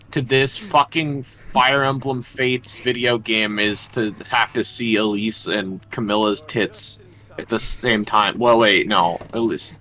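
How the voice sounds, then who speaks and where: Slow, sardonic man commenting on a game. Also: fairly low pitch, bright, forceful tone, low-quality recording. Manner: drawn-out, sardonic, swearing. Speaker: co-streamer. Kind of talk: let's play commentary.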